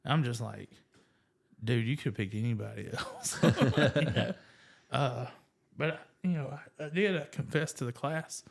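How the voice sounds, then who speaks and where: A man's voice: mid-range voice, unhurried, creaky. Man telling a faith story, self-mocking. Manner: animated, self-deprecating, filler-heavy. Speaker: guest sharing testimony. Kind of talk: casual storytelling.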